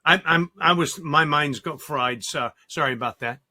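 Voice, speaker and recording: A co-host on a live webinar who chimes in to add points and reads viewers' questions aloud. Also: female voice, sits low, normal speed, pushed and bright.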